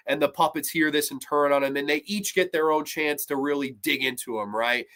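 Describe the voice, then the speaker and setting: A man reviewing horror films on his own show, talking casually with heavy swearing and lively swings in his delivery. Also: fairly high pitch, fairly quick, few pauses. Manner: profane, animated, mocks scenes in put-on voices. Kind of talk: casual solo film review.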